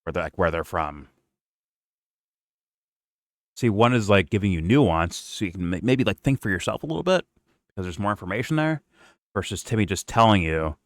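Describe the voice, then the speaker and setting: Deep-voiced man, mocking and profane. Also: expressive, normal speed, pauses often, no room sound, clean studio sound. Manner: mocking, sarcastic, swears often. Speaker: reaction stream host. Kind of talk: casual profane commentary.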